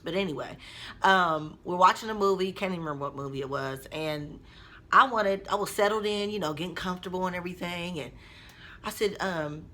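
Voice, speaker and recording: A woman vlogger chats straight to her viewers in a relaxed storytime style. Her voice is bright and forceful, sitting a little low in pitch, and she speaks with an expressive, personal manner. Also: a little fast. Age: adult mother. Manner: chatty, expressive, addresses viewers directly. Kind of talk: casual storytime vlog.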